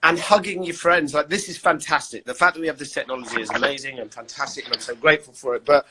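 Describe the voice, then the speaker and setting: A man's voice: fairly high pitch, fairly even intonation, quick pace, a crowd in the background, poor audio. A man and actor, chatting casually and rambling on a live video call, often restarting his sentences. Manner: rambling, self-interrupting, chatty. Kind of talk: casual chat.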